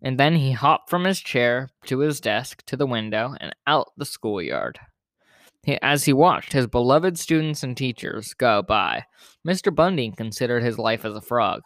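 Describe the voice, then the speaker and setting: A man reads a children's picture book aloud for his podcast, relaxed and informal, now and then correcting himself. His voice sits in a middle register. The sound is dry and close to the mic. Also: mid-range voice, normal speed, no room sound. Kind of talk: storybook read-aloud narration.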